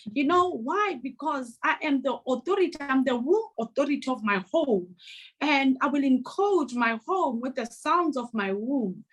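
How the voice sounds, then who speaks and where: A woman's voice: high voice, lively intonation, measured pace, low-quality recording. A woman speaking as a spiritual guest teacher, emphatic and impassioned, repeating phrases for weight. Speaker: womb priestess guest speaker.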